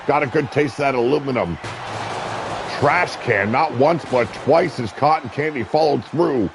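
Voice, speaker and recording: A man calling a wrestling match as play-by-play commentator, brash and profane, shouting at the big moves. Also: mid-range voice, moderate pace, vocal fry, over music.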